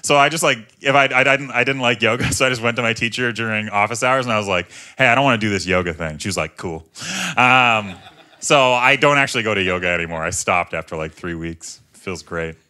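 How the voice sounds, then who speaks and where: A man in his thirties doing a stand-up comedy set, chatting in a self-mocking way, tagging jokes with "right?" and leaping into loud voices for punchlines. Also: a little fast. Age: 30s. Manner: conversational, self-mocking, often tags lines with "right?"; jumps into loud high character voices for punchlines. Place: comedy club stage.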